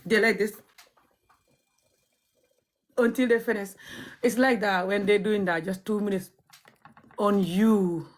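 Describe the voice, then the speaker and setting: A woman's voice: mid-range voice, steady tone, slow, pauses often. A woman from Gambia with a Gambian accent, chatting casually to her viewers, blunt and cheeky and often breaking into laughter. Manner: cheeky, frank and outspoken. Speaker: vlogger. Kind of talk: casual storytelling chat.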